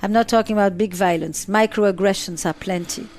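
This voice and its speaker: A woman's voice: medium pitch, steady tone, a little fast, darkish tone. A middle-aged woman psychotherapist answering interview questions, driving points home with repeated phrases and lists.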